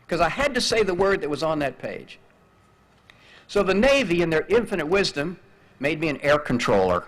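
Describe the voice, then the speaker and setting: An older man giving a graduation speech, telling a personal story in an animated way and acting out radio calls. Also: fairly high pitch. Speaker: commencement speaker.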